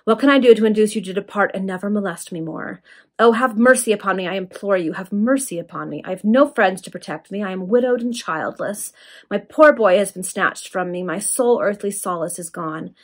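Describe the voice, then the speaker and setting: A woman voicing a frightened, pleading young widowed noblewoman in a casual read-aloud of a Victorian serial, with a slightly husky voice. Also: mid-range voice, moderate pace, few pauses, sharp tone. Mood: hysterical pleading. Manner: hysterical, pleading.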